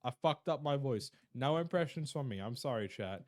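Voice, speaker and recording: A young man chatting on a live stream with a lively, bouncing pitch. He jokes, swears freely and greets his chat. The talk is loose and casual. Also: normal speed, no echo, studio quality.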